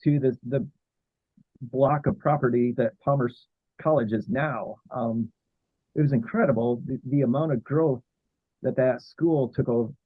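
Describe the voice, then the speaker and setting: A man talking as a guest historian in a casual interview, halting with many fillers and restarts. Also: mid-range voice, dry recording. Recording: tinny phone-like line.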